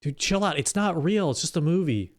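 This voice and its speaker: A man's voice: a little high, animated, brisk. Laid-back man streamer in casual role-play. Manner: laid-back, mildly exasperated, hushed scolding. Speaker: streamer host.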